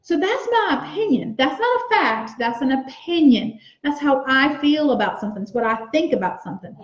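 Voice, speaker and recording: High-voiced teacher sounding out words. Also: female voice, lively intonation. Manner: slow, sounds out letters and words aloud; encouraging. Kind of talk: teaching a writing lesson to young children. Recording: echoey room, slightly dull sound.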